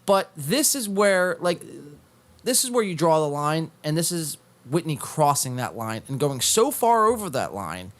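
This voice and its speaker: A man's voice: a little high, sing-song, a little slow. A man hosting a podcast, talking in casual, profane banter full of filler words. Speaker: podcast host.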